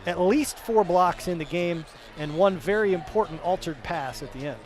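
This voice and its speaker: Over crowd noise, a high-pitched male play-by-play announcer gives a postgame wrap-up at a moderate pace. He rattles off player stats in a chatty way, correcting himself as he goes.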